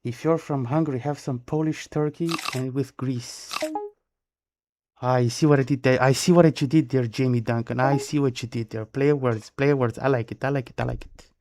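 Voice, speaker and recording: A man's voice: medium pitch, fairly even intonation, moderate pace. Playful Romanian-accented man on a noisy stream. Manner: playful, punning, repeats phrases in bursts. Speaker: live game streamer. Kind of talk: casual live-stream chat with viewers. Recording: noisy stream audio with clicks.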